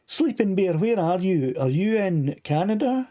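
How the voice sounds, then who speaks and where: A man's voice: sits high, very animated, measured pace, warm tone. Chatty Scottish man hosting a live stream. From Scotland. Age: older. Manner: rambling, chatty, reads out viewer comments. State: a bit of a sore throat. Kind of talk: casual live stream chat.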